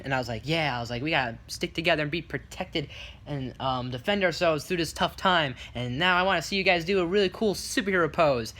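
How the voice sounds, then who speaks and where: A man tells a casual story to his vlog audience, his voice bright and forward. He rambles, restarts and fills gaps with "like," then livens the retelling by putting on the voices of the people in it. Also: fairly high pitch. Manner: rambling, full of restarts and fillers; lively retelling with quick quoted voices. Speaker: vlogger.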